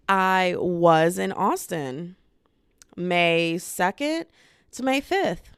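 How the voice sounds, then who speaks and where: A woman's voice: on the low side, lively intonation, extremely slow, clean tone, no echo, studio quality. A woman, hosting a casual podcast vlog from home and talking to a small handheld camera in a bubbly, rambling, self-mocking way. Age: 20s. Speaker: podcast host. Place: home room with bookshelf.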